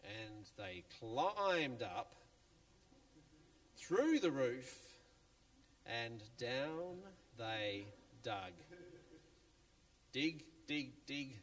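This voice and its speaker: A man tells a children's Bible story in church in a playful, chatty, animated way. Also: medium pitch, extremely slow, pauses often. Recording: long church reverb, faint music.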